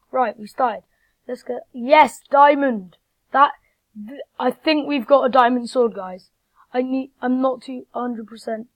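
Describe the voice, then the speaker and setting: A woman giving excitable live gameplay commentary, talking straight to her viewers. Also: on the high side, creaky, no room sound, dull audio. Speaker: gamer.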